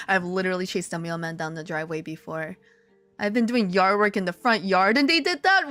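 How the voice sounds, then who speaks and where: A woman chatting casually with her viewers, telling stories with swearing, laughter and sudden high excited outbursts. She lives in Korea. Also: moderate pace, no echo, soft background music. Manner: animated storytelling, swearing, laughing, jumps to high excited exclamations. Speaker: streamer. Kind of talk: casual chat reading viewer comments.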